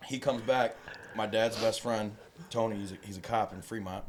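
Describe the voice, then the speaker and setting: A man in casual podcast chat, a profane, animated storyteller. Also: on the low side, normal speed, background noise.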